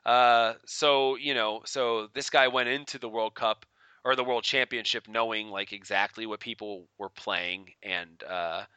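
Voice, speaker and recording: A man co-hosting a podcast in a very bright, crisp, smooth voice, recorded close and dry. He rambles through stories with many fillers and breaks into laughter often. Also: lowish voice, steady tone, unhurried, dry recording, lo-fi sound. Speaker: podcast co-host. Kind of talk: casual podcast chat.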